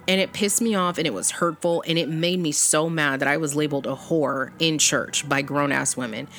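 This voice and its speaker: A woman's voice: low-pitched, fairly bright tone, slight background noise. A woman in her thirties telling a personal story in a blunt, profane way, acting out the back-and-forth of what people said.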